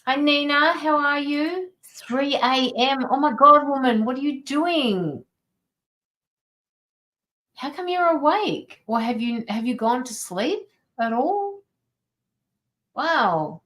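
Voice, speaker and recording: A woman's voice: sits high, lively intonation, slow, pauses often, a bit bright, rough recording. A woman tarot reader and medium, chatting casually on a livestream from her home studio, sympathetic and greeting viewers by name.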